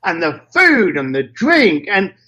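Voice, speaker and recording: A man telling anecdotes in an interview, acting out dialogue in a lively way with casual slang and mild swearing. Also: high voice, takes it slowly, lo-fi sound. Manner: lively, acts out both sides of dialogues. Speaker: interview guest. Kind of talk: anecdotal storytelling.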